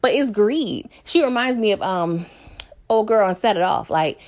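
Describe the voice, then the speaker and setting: Woman doing a chill tv recap for her viewers, laughs a lot, lively, middle-pitched voice. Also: normal speed. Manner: animated, laughs often, jumps up in pitch when acting out lines; talks straight to viewers. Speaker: TV episode recap reviewer. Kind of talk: casual recap chat to viewers.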